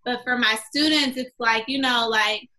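Young female teacher, bright higher voice, animated storyteller. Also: normal speed. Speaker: kindergarten teacher, guest. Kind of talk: casual podcast chat.

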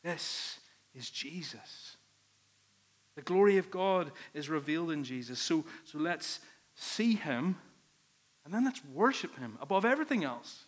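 Earnest preacher, fairly high voice. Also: male voice, very animated, measured pace. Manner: earnest, emphatic preaching with repeated phrases. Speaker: pastor. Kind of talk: sermon.

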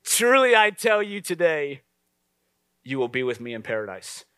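A bright, high-pitched man delivers a lively sermon as pastor. His preaching is conversational, full of quick asides to the congregation, and it sounds dry and close. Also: clear, resonant tone, no room sound.

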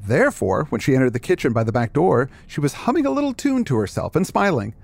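A man's voice: mid-range voice, very animated, fast, creaky, darkish tone. A man co-hosting a podcast, retelling a story casually and acting out quoted lines. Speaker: podcast co-host. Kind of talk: casual story discussion with read-aloud passages.

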